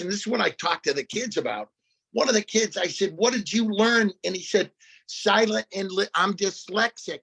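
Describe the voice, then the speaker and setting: An older man as a podcast guest, telling lively stories and quoting children he has worked with. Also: high voice, gravelly, husky. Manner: animated storyteller, quotes children. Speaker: guest speaker. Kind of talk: conversational podcast interview.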